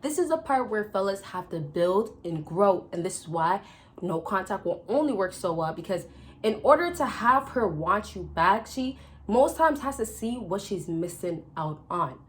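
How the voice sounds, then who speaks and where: A woman vlogger giving casual dating advice straight to her viewers, chatty and direct, often calling out to the guys and checking in with a quick question. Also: medium pitch, expressive, slight background noise. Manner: chatty, repeatedly addresses "fellas" and checks with "right?". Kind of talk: casual advice talk to camera.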